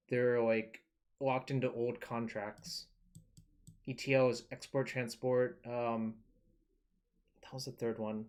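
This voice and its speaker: Male streamer, casual running talk over a card game, mid pitch, curses freely. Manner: loose and chatty, swears, thinks aloud. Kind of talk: casual live-stream commentary.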